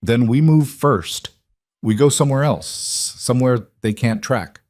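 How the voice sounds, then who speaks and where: A man's voice: mid-range voice, a little slow, darkish tone, dry recording, voice pushed up, close to an everyday voice. A man voicing a tense, defiant young female nurse who asks pointed questions.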